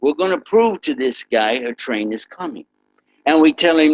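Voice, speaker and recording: An Islamic preacher with a somewhat high male voice teaches students at a normal speed, and the recording quality is poor. He tells an interactive story in an animated way, leading the students in sound effects and putting questions to them.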